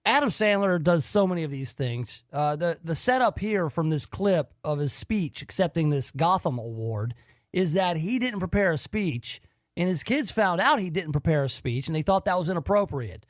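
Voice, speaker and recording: A man's voice: on the high side, expressive, moderate pace, dry recording, clean studio sound. A man hosting a radio talk show, talking in an enthusiastic, rambling way. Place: radio studio.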